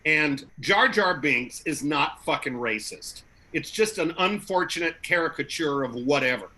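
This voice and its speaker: A man with a somewhat high, bright and forceful voice talks in a casual panel chat. He is animated and argumentative, and he fires back quick rebuttals. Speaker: comedian guest.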